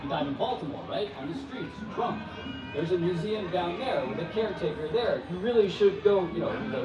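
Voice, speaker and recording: A man telling a true story live on stage, conversational, wry and animated. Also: sits high, a little fast, roomy sound, recorded from a distance, muffled recording, loud music behind the voice. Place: stage before an audience.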